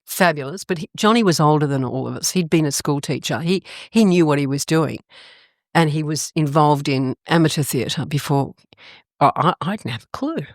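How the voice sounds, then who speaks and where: Low-voiced older Australian woman storyteller. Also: normal speed, dry recording, clean studio sound. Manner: animated, expressive storyteller with sudden pitch jumps. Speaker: guest. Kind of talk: casual storytelling interview.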